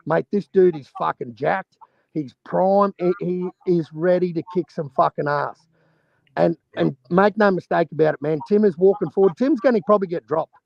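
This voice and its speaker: Gravelly high-voiced Australian man. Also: moderate pace, dry recording. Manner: blunt, profane, insistent. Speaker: panel guest, boxing fan. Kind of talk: heated casual debate. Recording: muffled lo-fi call audio.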